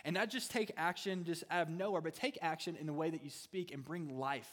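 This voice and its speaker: In a reverberant church hall, a student ministry pastor delivers a sermon with a fairly high, fairly bright voice at a fairly quick clip. Playful jokes and humorous asides run through what he says.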